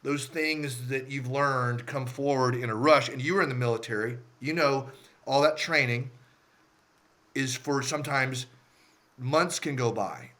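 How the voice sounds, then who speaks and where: A man hosting a casual interview on a video call, chatty and quick to jump in with reactions and asides. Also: medium pitch, bright, forceful tone. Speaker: host.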